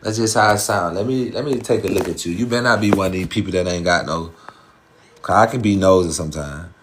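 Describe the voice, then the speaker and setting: A man's voice: low-pitched, quick pace, background noise. A man with a Southern American accent, hosting a live stream in casual chat and talking in slangy, profane, rhyming streetwise patter. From Southern US, Georgia.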